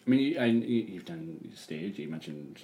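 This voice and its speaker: A young man with a deep, animated voice hosts a casual chat, asking questions in halting bits. There is faint noise behind him. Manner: hesitant questions, lots of yeahs, repeats words. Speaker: host.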